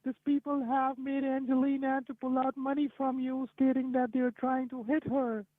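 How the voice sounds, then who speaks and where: A man's voice: very high voice, level tone, normal speed, dry recording. A man putting on a woman's voice, playing an insistent woman caller on a phone line. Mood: pushy. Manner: insistent, repetitive. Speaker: scammer.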